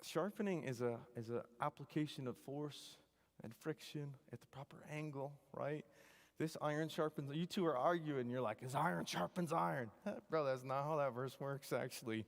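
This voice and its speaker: A man, an engineering professor, giving a joking, animated devotional talk to students, full of wry asides. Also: on the high side, moderate pace. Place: chapel hall. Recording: long hall reverb.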